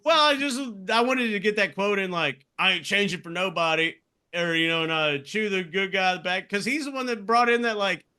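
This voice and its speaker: A man with a high, bright, sharp voice holds forth on a podcast. He rants in a heated, swearing flood of casual talk, a co-host in his thirties. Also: lively intonation, normal speed, few pauses, clear, resonant tone. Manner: profane, heated ranting. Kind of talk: casual chat.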